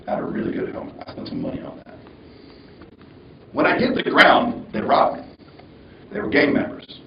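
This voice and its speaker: Gravelly man telling a story in a hall. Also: fairly high pitch, normal speed, pauses often, a little hiss or hum. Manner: animated, conversational, mimics the voices of others. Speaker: commencement speaker. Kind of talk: storytelling speech. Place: large hall at a graduation ceremony. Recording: dull, roomy sound from far off.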